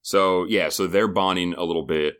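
A man with a very low voice co-hosts a podcast. He recaps episodes in a loose, chatty way and jokes along as he goes. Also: fairly even intonation, fairly bright tone, clear, resonant tone. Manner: chatty, joking, does quick impressions of people. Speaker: podcast co-host. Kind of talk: casual recap chat.

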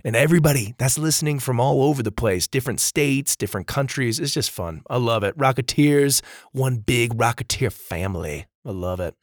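A man hosting a children's story podcast, chatting casually and warmly to young listeners, upbeat and friendly, calling them dude and bud. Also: mid-range voice, animated, brisk, dry recording, studio quality. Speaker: podcast host.

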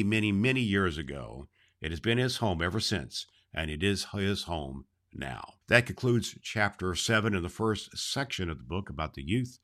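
Man in a Santa persona reading a storybook aloud, gentle, lower voice. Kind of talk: reading a chapter book aloud.

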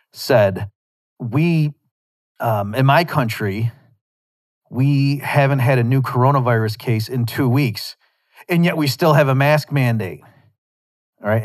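A man's voice: mid-range voice, dry recording. Wry, rambling man in a dry room. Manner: rambling, self-interrupting, wry asides. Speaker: podcast host. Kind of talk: casual monologue.

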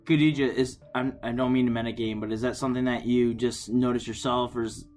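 A man's voice: mid-range voice, little pitch movement, brisk, a little mellow. A man with a mid-range voice playing a tabletop game, talking casually. He explains himself carefully, stopping and restarting his thoughts. Faint music plays underneath. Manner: careful, stop-start explaining. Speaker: player.

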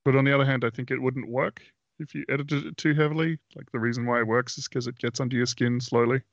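A man's voice: mid-range voice, fairly even intonation, fast, creaky, no room sound. A man with an Australian accent chatting casually and telling stories in a reflective way. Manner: reflective, storytelling. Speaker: player and co-host. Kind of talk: casual chat. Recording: dry, dull lo-fi audio.

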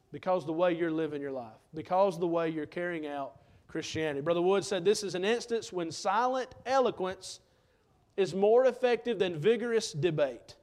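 High-voiced preacher giving a sermon. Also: male voice. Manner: earnest, emphatic preaching with verse citations.

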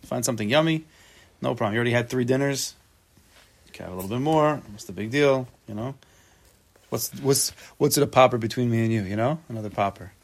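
A man leads an informal Torah class conversationally, working through the text line by line and translating as he goes. He talks fast at an average male pitch, stopping to repeat himself while searching for words and dropping in playful asides.

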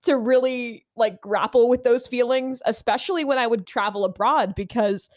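A woman's voice: on the high side, moderate pace, no room sound, studio quality. An American woman hosting a casual podcast chat, reflective and questioning, thinking aloud with many likes. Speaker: podcast host.

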